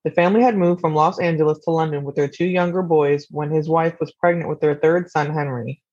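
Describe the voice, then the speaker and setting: A young woman, the host's younger sister, guests on a podcast over a video call, talking in a casual, easygoing way while reading a summary aloud. Her low-pitched voice is steady, a little fast and darkish, with no echo, though the call audio is slightly muffled.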